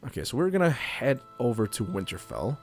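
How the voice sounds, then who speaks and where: A man's voice: mid-range voice, very animated, a little fast, soft background music. A man giving casual let's play commentary, chatty and thinking aloud while he plays. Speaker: gaming youtuber.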